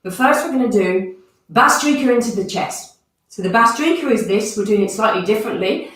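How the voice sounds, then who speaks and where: Brisk and animated, a woman with a fairly high, somewhat bright voice talks a class through guided movement and breathing, counting off each cue instructively. Her voice is far from the mic in a strongly echoing room.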